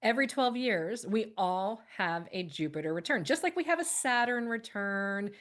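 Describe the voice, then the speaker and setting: Woman guest, upbeat, laughs often, casual podcast chat, mid-pitched voice. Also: lively intonation, moderate pace, fairly bright tone. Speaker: guest, holistic practitioner.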